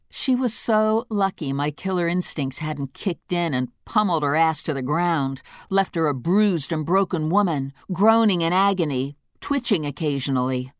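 Low-voiced woman reading an audiobook, wry and deadpan, lots of ups and downs in her voice. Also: moderate pace, no echo, clean studio sound. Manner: wry, deadpan comic delivery. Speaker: audiobook narrator. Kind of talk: scripted first-person narration.

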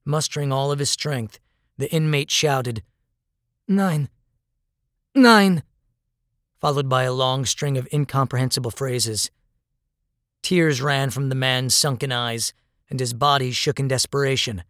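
A man reads a dramatic story in a measured, grave voice. His pitch is in the middle range. The recording is dry and close, with no room echo. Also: fairly even intonation, a bit bright. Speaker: narrator.

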